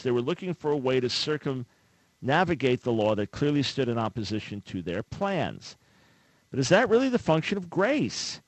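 A man's voice: medium pitch, dry recording, rough recording. A man hosting a radio call-in talk show, speaking in an earnest, conversational way on a studio microphone. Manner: earnest, conversational, acts out imagined callers.

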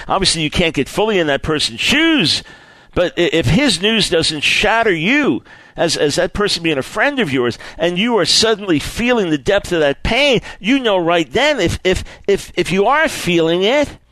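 A man's voice: high voice, fairly bright tone, no echo, rough recording. A man preaching a sermon on apologetics, repeating phrases for emphasis and acting out the people in his stories.

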